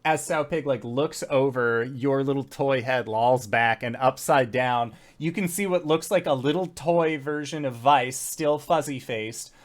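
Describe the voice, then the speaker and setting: A man running a tabletop game, talking slowly and loosely, with lots of "like" and "uh." His pitch sits in the middle range. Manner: loose, full of fillers. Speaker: game master.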